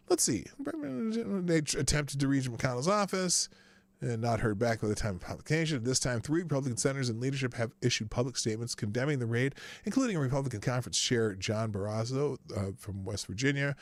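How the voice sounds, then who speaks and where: A man's voice: medium pitch, a bit bright, dry recording. A man hosting a live news commentary show, talking in a sarcastic, rambling way with frequent swearing and restarts.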